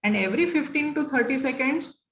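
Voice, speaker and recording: A woman's voice: sits high, animated, brisk, a bit bright. Woman giving an emphatic talk. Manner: emphatic, addresses audience with rhetorical questions. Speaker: corporate etiquette speaker. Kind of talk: motivational talk. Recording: roomy hall echo.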